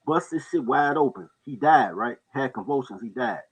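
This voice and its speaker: A man casually telling stories on a talk show, animated and quick to act out the people in them. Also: creaky, slightly rough, low-quality recording. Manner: animated storyteller, jumps into high-pitched voices for others. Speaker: podcast co-host telling stories. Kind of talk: casual storytelling chat.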